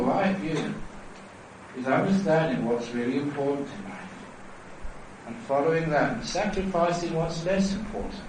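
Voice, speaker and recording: A man, a Buddhist monk teacher, gives a dharma talk at a temple retreat, telling stories with lively, laughing delivery. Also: medium pitch, a little hiss or hum. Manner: animated, laughing, drawn-out. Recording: very echoey hall, mic far off.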